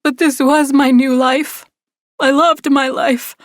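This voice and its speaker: A distraught young woman speaks on the edge of tears, her voice quivering and rising high, voiced by a woman narrator. The sound is dry and close, with no room around it. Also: normal speed, no echo, lightly acted. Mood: tearful. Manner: quivering, tearful.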